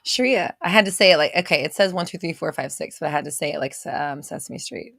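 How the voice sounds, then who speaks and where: A woman's voice: low-pitched, quick pace, creaky, fairly bright tone, dry recording, clean studio sound. A woman hosting a livestream, chatting casually with viewers, reading out their names and laughing often. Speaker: host of a livestream show. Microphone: visible desk microphone on an arm.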